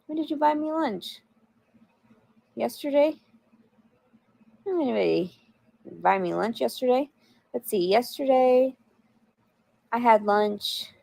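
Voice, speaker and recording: A woman's voice: fairly high pitch, lively intonation, slow, vocal fry, long pauses, darkish tone, no room sound. A woman chatting on a livestream, answering viewers in a blunt, profane, rambling way. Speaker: livestreamer reading chat. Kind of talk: casual livestream chat.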